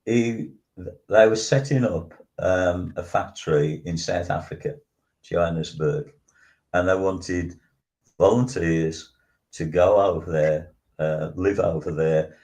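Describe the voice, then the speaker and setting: An older man in his seventies with a very low voice hosts a talk show. He reminisces unhurriedly, stopping and restarting often with ums. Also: fairly even intonation, a little mellow. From West Midlands, England. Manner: halting, with frequent restarts and ums. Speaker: radio show host. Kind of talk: casual reminiscing chat.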